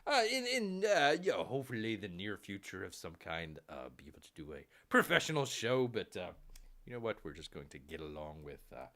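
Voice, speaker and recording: A man hosting a casual comics livestream, rambling and excitable, with lots of fillers. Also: lowish voice, a little fast. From Tampa Bay area. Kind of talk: casual live-stream chat.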